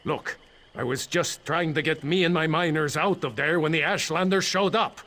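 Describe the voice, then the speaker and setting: A man's voice: on the high side, normal speed, sharp tone. An actor playing an anxious male mine foreman in a video game, rambling nervously with dry humor about his trapped crew.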